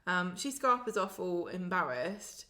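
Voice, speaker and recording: A woman in casual chat, recapping a soap and acting out characters' lines in quick voices. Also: fairly low pitch, expressive, pushed and bright. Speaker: podcast co-host.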